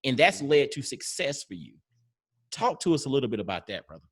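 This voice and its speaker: A man's voice: medium pitch, big pitch swings, a little fast, breathy edge. A man in his thirties hosting a podcast, speaking earnestly and reflectively, building his points through analogies. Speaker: podcast host. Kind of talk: casual podcast interview.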